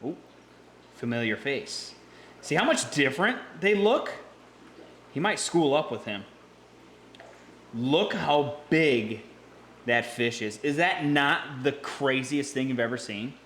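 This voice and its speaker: An excitable man giving hands-on vlog commentary beside a big fish tank, exclaiming and repeating himself as he talks to his viewers. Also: mid-range voice, slow, long pauses, roomy sound, slight background noise. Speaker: fish-keeping vlogger. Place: indoors by a large fish tank. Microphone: camera mic, handheld.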